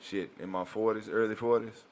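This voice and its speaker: Laid-back low-voiced male comedian. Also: fairly even intonation, moderate pace, slight background noise. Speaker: guest comedian. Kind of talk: casual storytelling. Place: radio studio.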